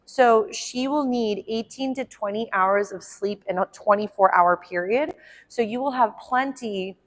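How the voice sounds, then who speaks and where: A woman dog trainer explaining puppy training in a friendly way at home, with frequent ums and quick asides to the puppy. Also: medium pitch. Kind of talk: instructional dog-training demo.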